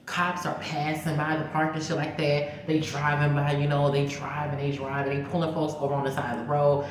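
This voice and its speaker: A woman, a vlogger telling a story in a casual, animated, profane way, talking straight to her viewers. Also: low-pitched, a little fast, hardly any pauses, slight background noise. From Mississippi. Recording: very echoey room.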